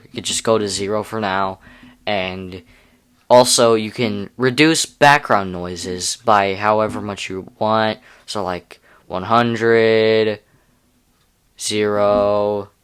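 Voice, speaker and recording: A man's voice: fairly low pitch, a bit bright, clean tone. A young man casually walking through a video editing tutorial, rambling and correcting himself with amused asides. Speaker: YouTube tutorial creator.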